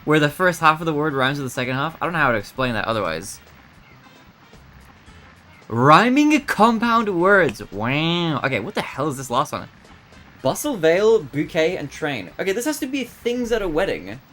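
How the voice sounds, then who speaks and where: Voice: mid-range voice, big pitch swings, fast talker, fairly bright tone, soft background music. A streamer thinking aloud while solving word puzzles, muttering guesses and laughing often.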